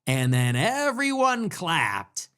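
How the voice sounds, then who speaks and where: A man delivers a political commentary monologue full of sarcastic mockery and crude jabs. His voice sits high for a man. It leaps up and down as he rants. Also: huge pitch swings, slow, fairly bright tone, clean tone. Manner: sarcastic and mocking, with crude insults. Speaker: political commentary show host.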